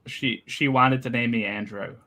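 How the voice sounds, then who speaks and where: A man's voice: mid-range voice, steady tone, normal speed, pushed and bright, a little hiss or hum. Jokey man rambling on a video call. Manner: jokey, rambling, laughs at himself. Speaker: guest on a reading livestream. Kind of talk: casual chat on a video call.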